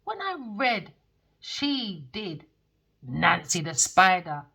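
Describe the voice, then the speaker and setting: A woman giving a spoken tarot reading, blunt and excitable, swearing freely. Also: lowish voice, slow, vocal fry, breathy edge, poor audio. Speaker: tarot reader.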